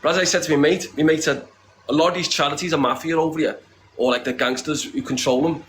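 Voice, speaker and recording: A northern English man speaking in a blunt, impassioned interview, his voice sitting a little high for a man. He swears freely, keeps calling the listener "lad", and hammers the same points home again and again. A faint hiss of room noise sits under his voice. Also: steady tone, fast talker, fairly bright tone, poor audio. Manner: emphatic, repeats himself. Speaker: interviewee, charity campaigner. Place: secure compound, indoors.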